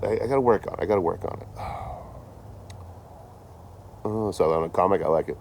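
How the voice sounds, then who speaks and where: A man's voice: deep voice, a little fast, vocal fry, pauses often, darkish tone, slight background noise. A man chatting casually on a livestream, rambling and swearing, laughing often as he tells stories. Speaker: traveling livestreamer.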